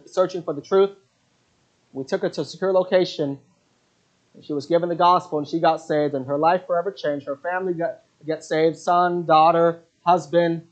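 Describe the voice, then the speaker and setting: A man preaching a sermon who tells mission stories in an earnest, halting way, with many fillers. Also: on the high side. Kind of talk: sermon with storytelling. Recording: dull lo-fi recording.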